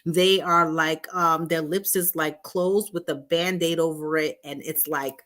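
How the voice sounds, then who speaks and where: Lower-voiced woman explaining step by step. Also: fairly even intonation, unhurried, fairly bright tone. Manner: explains step by step, often checks in with "right?" and "okay?"; acts out quoted voices of partners. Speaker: host. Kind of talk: talk on relationships to an online audience.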